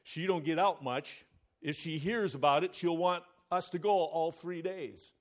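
Brief: male preacher playing an unbothered farmer, slow monotone drawl, dry joke delivery. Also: high-pitched, pitched above the performer's own voice, exaggerated voice. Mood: deadpan.

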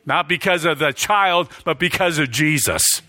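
A male preacher delivering a sermon, emphatic, repeating lines for stress and building to near shouts. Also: fairly high pitch, normal speed, no echo.

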